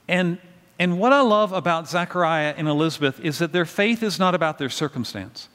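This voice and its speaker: Slightly high-voiced man preaching in a reverberant hall. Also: animated, normal speed, a bit bright. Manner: conversational storytelling with questions to the congregation. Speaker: pastor. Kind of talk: sermon.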